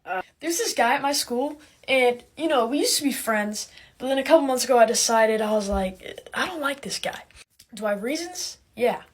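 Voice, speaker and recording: A young woman doing a casual, sarcastic comedic monologue, animated and quick to laugh. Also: fairly high pitch, husky. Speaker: comedic creator.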